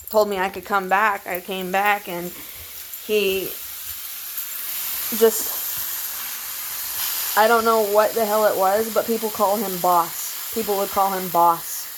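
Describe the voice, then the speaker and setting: A woman's voice: medium pitch, steady tone, slow pace, long pauses, fairly bright tone, a little hiss or hum, low-quality recording. A woman telling a long personal story in a meandering, repetitive way, swearing freely. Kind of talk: rambling personal monologue.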